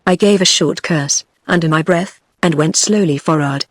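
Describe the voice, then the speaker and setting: A synthetic woman's voice with a British English accent narrates an audiobook as text-to-speech. It sits low and moves at a normal, even machine pace, with clean studio sound and no room sound.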